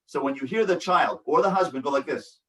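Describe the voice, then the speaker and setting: A man's voice: fairly high pitch, brisk, pushed and bright, recorded from a distance, poor audio. A man, a rabbi, teaching a workshop in an earnest, repetitive way and acting out examples. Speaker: rabbi and family educator. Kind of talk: workshop lecture.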